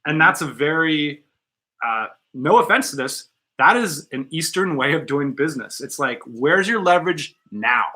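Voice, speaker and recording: Bright, blunt-talking male podcast host. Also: on the high side, animated, moderate pace. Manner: blunt, joking, profane. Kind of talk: casual podcast chat. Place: studio.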